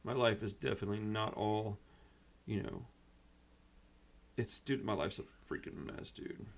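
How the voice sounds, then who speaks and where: A man's voice: on the low side, a little slow, gravelly, slight background noise. A man hosting a punk rock channel, upset and venting in a rambling, casual way that is full of "dude" and "bro.".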